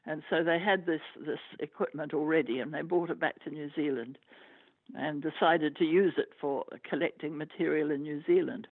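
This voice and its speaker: A man's voice: on the high side, moderate pace, no echo. Male expert on a tinny line. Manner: thoughtful, explanatory, with restarts. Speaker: expert interviewee. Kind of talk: interview. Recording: tinny, dry phone-like sound.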